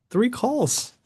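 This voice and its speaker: A man hosting a group coaching call, encouraging and unhurried, speaking over a video call. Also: fairly bright tone.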